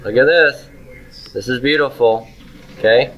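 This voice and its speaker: A man lectures a classroom on grammar in an unhurried, deliberate way. His voice has a bright, forward edge. He questions the class, answers himself and keeps checking in with "okay?" as he writes on the board. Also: medium pitch, poor audio. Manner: writes on a board while he talks; frequent "okay?" and "right?" checks. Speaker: Hebrew teacher.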